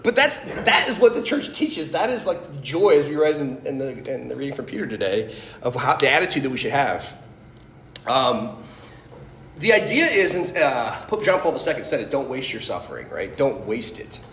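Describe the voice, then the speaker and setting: A man's voice: medium pitch, sing-song, moderate pace, a bit bright, roomy sound, slight background noise. A man in his thirties giving a personal testimony talk, chatty and storytelling, often tossing in "like" and "right?". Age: 30s. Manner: conversational, storytelling, frequent "like" and "right?". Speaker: speaker giving a faith talk.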